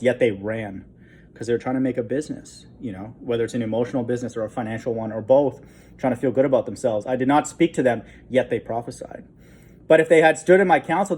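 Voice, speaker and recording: A man's voice: medium pitch, darkish tone. A man giving an informal Bible teaching, reading verses aloud and breaking in with frequent "okay?" asides and short chuckles. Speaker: online preacher.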